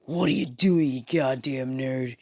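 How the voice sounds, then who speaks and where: Man voices angry teen bully, loud and sneering; dry, up close. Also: mid-range voice, unhurried, creaky, no room sound. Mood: angry taunting. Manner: shouty and sneering. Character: hot-tempered boy bully, loud and scornful.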